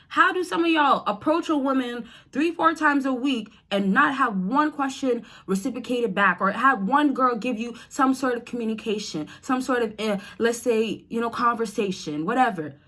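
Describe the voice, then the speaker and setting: Her voice sits high and a bit bright, at a moderate pace. In a casual advice vlog to camera, she coaches men on dating, chatty and direct, calling her viewers "y'all" and "fellas."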